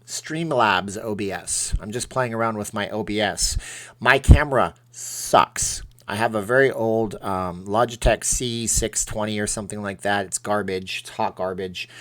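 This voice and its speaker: A man's voice: lowish voice, a bit bright. A man hosting a casual live stream from home, reading viewer comments aloud and answering them in a chatty, self-deprecating way.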